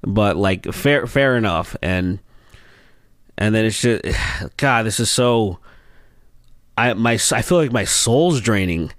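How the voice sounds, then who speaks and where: A man's voice: on the low side, expressive, slow, long pauses, no room sound, studio quality. A man hosting a reaction video, making wry, unimpressed remarks in casual commentary.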